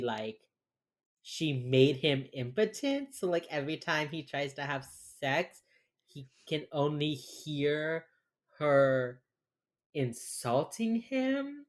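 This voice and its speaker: A man's voice: a little high, animated, slow. A man co-hosting a podcast, tipsy and ranting with heavy sarcasm and casual swearing while recapping a TV episode. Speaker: podcast co-host.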